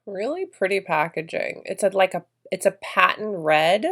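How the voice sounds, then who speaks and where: A woman's voice: mid-range voice, moderate pace, a bit bright. A woman vlogger narrating her makeup routine in a chatty, effusive way, gushing over products. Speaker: beauty vlogger.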